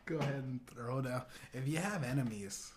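A man's voice: mid-range voice, moderate pace, noisy background. A man hosting his own podcast, rambling through a comedic monologue with frequent swearing, restarts and fillers. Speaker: podcast host.

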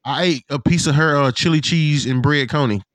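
A man hosting a casual chat, telling profane, animated stories and acting out what people said. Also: on the high side, a little fast, no room sound. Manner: animated, profane storytelling with put-on quotes. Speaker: podcast host.

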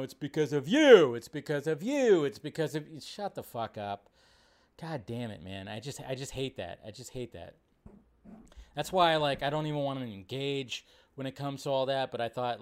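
A man hosting a live stream in casual commentary, animated, swearing freely and mocking others in exaggerated voices. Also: medium pitch, clean tone. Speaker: show host.

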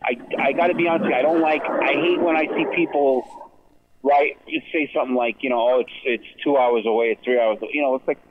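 A man's voice: mid-range voice, fairly even intonation, fast, noisy background. A man calling in as a guest on a podcast, speaking in an earnest, rambling way and often running into others' lines. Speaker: event organizer, guest. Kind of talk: casual podcast conversation. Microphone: phone or call audio. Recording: tinny phone line.

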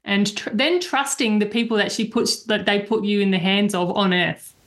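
A woman co-hosting a podcast, chatting casually and quickly agreeing with her guest. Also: mid-range voice. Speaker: podcast co-host. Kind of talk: casual conversational interview.

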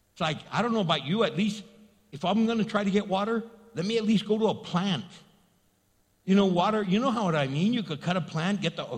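A man preaching a sermon as pastor, animated and folksy, acting out the people he describes. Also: high-pitched. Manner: animated, folksy preaching that acts out quoted voices. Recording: long reverb of a hall.

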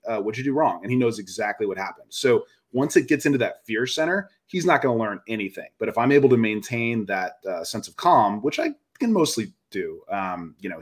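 A man in his thirties, a podcast co-host, talking earnestly and reflectively in casual chat. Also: lowish voice.

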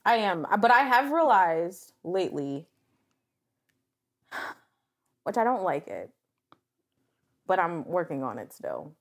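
A woman's voice: on the low side, big pitch swings, slow, pauses often. A woman co-hosting a casual podcast chat, talking in an earnest, emotional way that comes close to tears. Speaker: podcast co-host.

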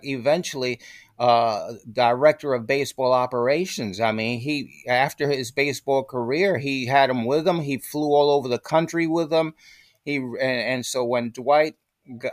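A man's voice: mid-range voice, no echo, studio quality. An older man, a guest in an interview, telling stories animatedly and acting out the voices he quotes. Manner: animated storyteller who acts out quoted voices. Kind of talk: storytelling in a podcast interview.

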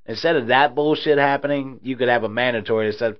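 A man's voice: mid-range voice, a little fast, few pauses. A man hosting a podcast, ranting in a heated, profane way in casual talk, in dull lo-fi audio. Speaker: podcast host.

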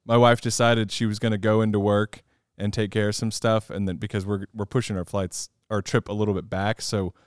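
A man in his thirties chatting casually as a podcast host, telling animated stories and laughing at himself. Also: on the low side, fairly quick, few pauses, smooth, dry recording, clean studio sound. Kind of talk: casual chat.

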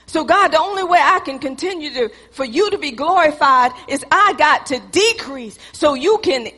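High, bright-voiced woman preaching in a hall. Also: animated, normal speed. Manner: preaching with call-and-response, shifting into acted dialogue. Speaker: pastor. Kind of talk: sermon. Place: church.

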